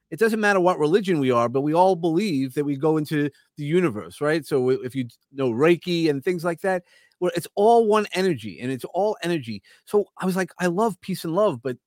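A man's voice: fairly high pitch, no room sound, studio quality. A man with a New York accent, a podcast host and coach, talking earnestly and at length as a guest in an interview. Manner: rambling, earnest, repeats words when starting. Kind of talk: casual interview talk.

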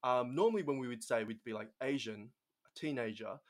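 A man's voice: medium pitch, fairly quick. Man explaining speech features. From Australia. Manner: explanatory, many fillers. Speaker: podcast guest, linguistics researcher. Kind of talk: casual podcast conversation.

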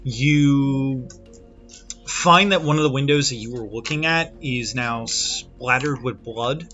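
A man's voice: medium pitch, slow pace, bright, forceful tone, highs cut off, faint music behind. A man narrating a tabletop role-playing game as game master, casual and filler-heavy.

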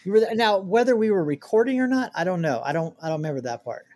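A man's voice: high voice, lively intonation, quick pace, darkish tone. A man co-hosting a casual podcast chat, hesitant and prone to restarting his sentences. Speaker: podcast co-host.

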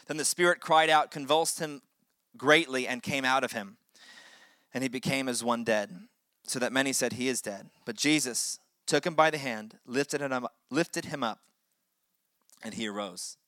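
A man's voice: mid-range voice, moderate pace, bright, forceful tone, no echo, clean studio sound. A man preaching a sermon as pastor, with impassioned delivery that swells and drops for emphasis.

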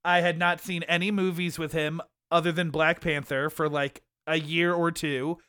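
A man's voice: a little high, flat delivery, normal speed, bright, forceful tone, clean tone, dry recording, studio quality. A young man co-hosting a film podcast, chatting casually and animatedly, laughing often. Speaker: podcast co-host. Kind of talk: casual chat.

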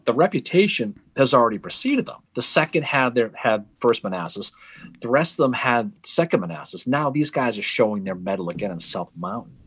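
Casual male co-host with a husky, lively voice. Chatty, slangy, and close-miked in a dry room. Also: mid-range voice, brisk, no echo. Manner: loose, conversational, uses slang and sports analogies. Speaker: podcast co-host. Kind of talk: casual history discussion.

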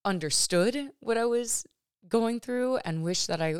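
A woman's voice: fairly high pitch, lively intonation, a little slow, clear, resonant tone, no echo, clean studio sound. A woman hosting a podcast, telling a personal story in a rambling, candid way, full of fillers and self-corrections. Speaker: podcast host.

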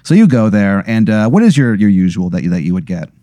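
A man's voice: lowish voice, sing-song, fast, mellow, no room sound. A man acting as game master, narrating an improvised comedy scene in a rambling, profane, joking way. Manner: rambling, profane, laughing storyteller.

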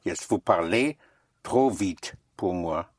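A French teacher giving a slow, patient one-on-one lesson and spelling words out letter by letter. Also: deep voice, expressive, darkish tone, no echo.

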